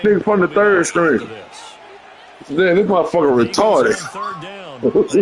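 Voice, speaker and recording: A man streaming a football video game, loudly trash-talking his online opponent with slang and profanity. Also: sits high, lively intonation, measured pace. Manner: loud, boastful trash talk with heavy slang and profanity. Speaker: gamer streamer.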